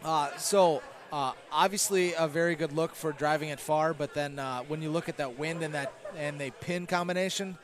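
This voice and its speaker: A man's voice: on the high side, steady tone, normal speed, few pauses. A man giving casual live commentary on an arcade golf game, chatty and analytical, with self-deprecating asides and many fillers, in a noisy bowling alley.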